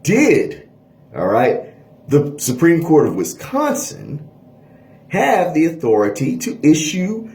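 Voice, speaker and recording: Animated male history lecturer, echoey room. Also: a little high, slow. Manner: animated lecturing, frequent "all right?" checks. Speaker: history teacher. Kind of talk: lecture video.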